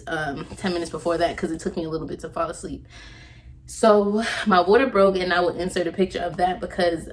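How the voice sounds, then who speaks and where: Young woman, low-ish voice, rambling personal story, self-correcting, faint background hiss. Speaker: vlogger.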